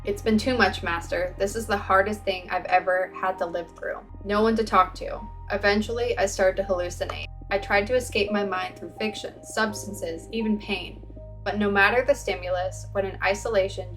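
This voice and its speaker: A woman reading the lines of a weary female oracle witch back from centuries of exile, in a soft, subdued voice. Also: medium pitch, natural voice. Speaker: game streamer reading dialogue. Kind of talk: reading game dialogue aloud.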